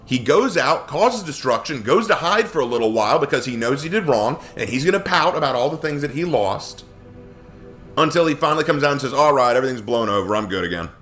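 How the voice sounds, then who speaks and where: Man, Bible teacher, casual study talk, lively swooping pitch, expressive, faint background music. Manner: expressive, acts out quotes in funny voices.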